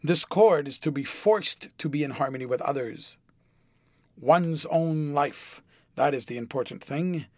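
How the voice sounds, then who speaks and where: A man's voice: on the high side, unhurried, darkish tone, dry recording. A man playing a languid, cynical aristocrat. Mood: drawling. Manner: drawling epigrams, airy and amused.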